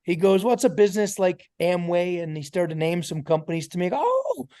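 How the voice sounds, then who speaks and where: Animated New man telling stories. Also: sits high, fast, smooth. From New York. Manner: animated storyteller acting out dialogue. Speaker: network marketing trainer. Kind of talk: motivational storytelling talk.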